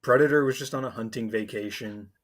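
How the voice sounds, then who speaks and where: A man who is a guest on a casual comedy chat, relaxed and teasing. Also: mid-range voice, a little fast.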